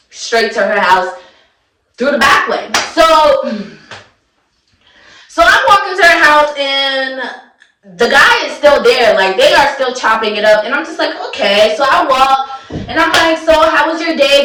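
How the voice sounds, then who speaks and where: A young woman telling a personal story in a casual, slangy, animated way, acting out her own reactions. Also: a little high, far from the mic. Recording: echoey room, voice away from mic.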